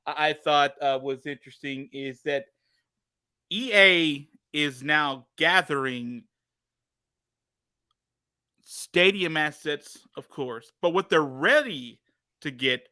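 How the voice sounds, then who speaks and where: Male podcast co-host, bright forceful voice, joking and animated, dry close sound. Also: fairly high pitch, slow, pauses often, smooth, dry recording. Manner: animated, joking, laughs often. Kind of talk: casual chat.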